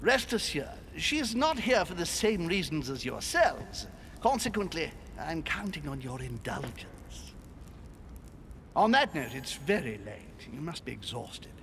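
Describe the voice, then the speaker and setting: An actor playing a courteous aristocratic manor host in a video game, speaking politely and smoothly. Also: male voice, on the high side, very animated, unhurried, a bit bright, slight background noise, heavily acted.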